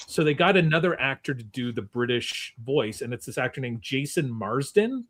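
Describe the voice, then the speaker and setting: A man's voice: mid-range voice, expressive, moderate pace, fairly bright tone, slight background noise. A man hosting a podcast, rambling through movie trivia with lots of fillers in a casual chat. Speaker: podcast host running a movie trivia game.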